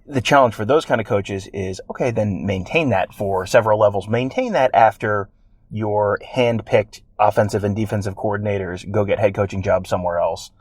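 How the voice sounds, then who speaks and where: A man's voice: fairly low pitch, normal speed, slightly rough, dry recording. A man co-hosting a sports podcast in casual, rambling chat with wry self-deprecating jokes. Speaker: podcast co-host.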